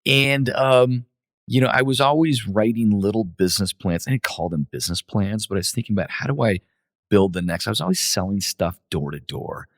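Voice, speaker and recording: A man being interviewed as a guest, talking through his past with lots of pauses and restarts. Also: on the low side, lively intonation, no echo, studio quality. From United States. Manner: many fillers and restarts, reflective. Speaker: guest, company CEO. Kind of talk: relaxed interview storytelling.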